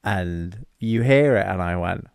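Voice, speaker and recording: A man's voice: low-pitched, measured pace, creaky, a little mellow, no echo, studio quality. A man co-hosting a film podcast, chatting casually with wry asides and thinking-aloud fillers. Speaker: podcast co-host.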